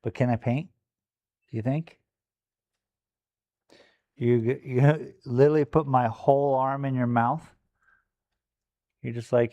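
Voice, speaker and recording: A man's voice: mid-range voice, fairly even intonation, normal speed, dark tone. A man chatting casually and playfully on a live stream from a gallery studio while he paints, joking with his puppy.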